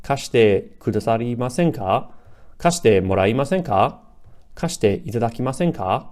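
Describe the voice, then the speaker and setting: A young man giving a casual language lesson, explaining slowly with frequent "you know" and "like" fillers. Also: medium pitch, expressive, darkish tone. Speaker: Japanese teacher.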